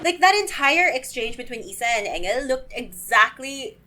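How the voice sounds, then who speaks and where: A woman reviewing shows in a casual vlog, gushing and excitable, and swearing freely as she talks. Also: high-pitched, moderate pace, a little hiss or hum. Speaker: show reviewer.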